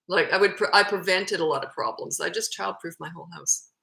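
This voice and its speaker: A woman's voice: fairly low pitch, a little fast, vocal fry, pushed and bright, reverberant, poor audio. A woman in her fifties, a parenting coach, answering viewer questions in a blunt, matter-of-fact way. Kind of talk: casual Q&A advice.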